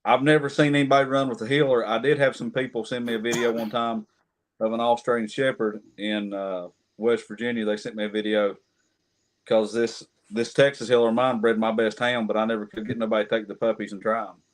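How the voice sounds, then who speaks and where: A man's voice: medium pitch, level tone, a little fast. A man who is a regular on a casual livestream chat, chiming in with questions and opinions. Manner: chatty, chimes in with questions and opinions.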